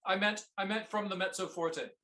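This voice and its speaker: A man coaching a viola student in a masterclass, singing musical phrases between gentle instructions. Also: high voice, moderate pace, roomy sound. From Canada. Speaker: viola teacher giving a masterclass.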